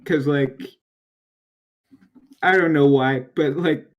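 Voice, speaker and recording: A man's voice: fairly high pitch, fairly even intonation, slow, highs cut off. Podcast guy, dry offbeat jokes, laid back chat. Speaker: podcast co-host. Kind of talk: casual chat.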